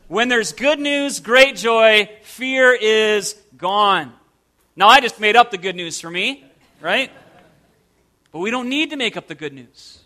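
High, bright-voiced man preaching slowly. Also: expressive. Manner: emphatic, stressing single words and asking rhetorical questions. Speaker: pastor. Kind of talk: sermon.

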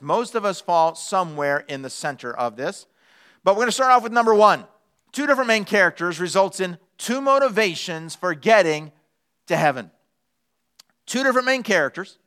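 A man pastor delivers a sermon in a church. His voice is slightly high, bright and crisp, with clear, resonant diction. He tells his story playfully and shifts his pace for effect. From United States.

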